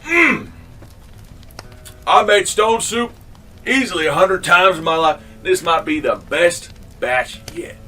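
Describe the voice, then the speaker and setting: A man voicing an excitable hungry wanderer who gushes and exclaims theatrically. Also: mid-range voice, unhurried, long pauses, breathy edge, far from the mic, soft background music. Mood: gushing.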